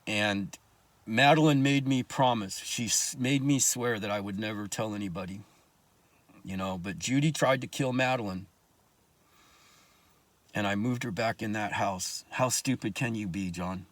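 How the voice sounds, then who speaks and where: A man's voice: on the low side, a little slow, long pauses, no room sound. A man telling his own life story in casual talk, blunt and profane, with angry asides.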